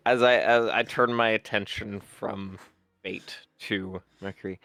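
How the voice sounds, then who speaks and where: A man's voice: fairly low pitch, fairly even intonation, slow pace, a bit bright, dry recording. A man playing a tabletop game, speaking in character in a formal, courtly way. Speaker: player. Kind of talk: in-character role-play.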